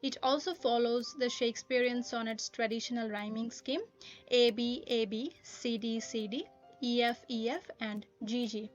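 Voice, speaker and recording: A woman lecturing on a poem in a careful, explanatory way, often pausing with "uh" as she works through her points. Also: a little high, steady tone, highs cut off, soft background music. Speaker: literature teacher. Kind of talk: recorded poetry lesson.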